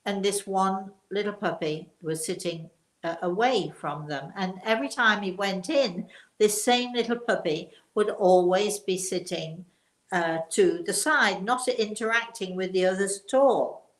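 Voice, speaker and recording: A woman's voice: medium pitch, a little slow. An older woman, a spiritual teacher, telling a rambling personal anecdote with quoted dialogue. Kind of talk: storytelling talk. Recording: roomy echo.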